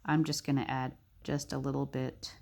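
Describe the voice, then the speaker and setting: A young woman narrating a casual drawing tutorial, chatty and thinking aloud with soft muttered asides. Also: extremely low pitch, little pitch movement, normal speed, creaky.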